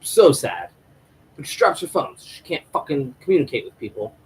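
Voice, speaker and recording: A man recapping a TV episode in a casual, animated way, swearing a lot and acting out the characters' lines. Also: on the high side, a little fast, gravelly, a little hiss or hum, rough recording. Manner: animated, profane storytelling with acted-out quotes. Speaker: show reviewer.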